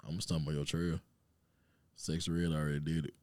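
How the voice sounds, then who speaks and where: A man's voice: rumbling low, flat delivery, brisk, darkish tone, no echo. A man co-hosting a podcast, joking around in loose, slangy casual chat. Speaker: podcast co-host.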